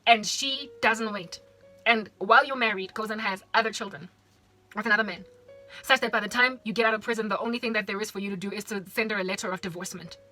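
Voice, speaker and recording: A woman's voice: medium pitch, fast, pushed and bright, soft background music. A woman from South Africa, a Christian vlogger, preaching casually and animatedly, putting rhetorical questions straight to the listener.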